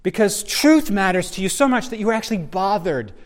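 A man's voice: sits high, sing-song, brisk. A man leading a conversational Bible discussion, speaking earnestly and searchingly, often restarting his sentences as he looks for words. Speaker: Bible teacher.

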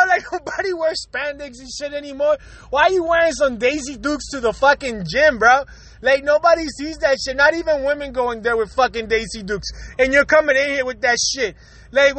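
A man's voice: very high voice, sharp tone, dry recording. A man hosting his own podcast, ranting in a profane, rambling way and laughing often. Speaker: podcast host. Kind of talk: casual podcast rant.

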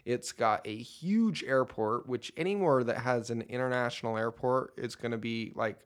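A man co-hosting a casual movie podcast, rambling and animated as he talks. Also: mid-range voice, normal speed. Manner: rambling, animated, laughs often. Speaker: podcast co-host.

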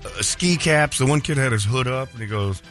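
A man hosting a talk show, telling a story casually and acting out other people's lines in pitched-up voices. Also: expressive, normal speed, loud music behind the voice.

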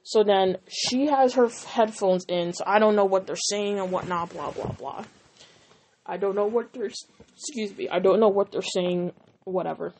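Young woman, casual storytime vlog, heated profane retelling, medium-pitched voice. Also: moderate pace, darkish tone, slight background noise. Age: young adult. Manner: heated, profane, emphatic retelling with quoted dialogue.

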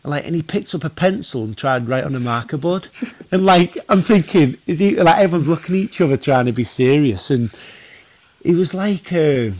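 A man from northwest England, a former goalkeeper and podcast guest, telling stories in a casual chat, animated, with many fillers and restarts. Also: fairly high pitch, a little fast.

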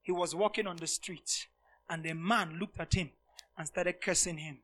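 High, bright-voiced man preaching emphatically. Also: fairly even intonation, normal speed. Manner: emphatic preaching, swinging from loud shouts to hushed asides; repeats phrases for emphasis. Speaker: pastor. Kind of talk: sermon.

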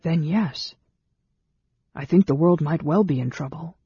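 A man's voice: fairly high pitch, measured pace, warm tone, slightly rough, no echo, highs cut off, heavily acted. A narrator voicing Tanis, a grave, troubled middle-aged half-elf man. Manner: grave and doubtful.

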